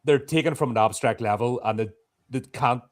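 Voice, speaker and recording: A man's voice: medium pitch, brisk. A man co-hosting a horror podcast, giving blunt, opinionated takes in casual chat. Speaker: podcast co-host.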